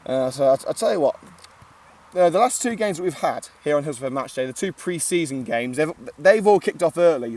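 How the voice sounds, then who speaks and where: A chatty man calls a football match live from an outdoor ground, filling pauses with "uh" and cracking jokes. His voice sits fairly high, and he sounds a little distant from the mic. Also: expressive, darkish tone. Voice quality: chatty, joking, many filler "uh"s. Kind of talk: live amateur match commentary.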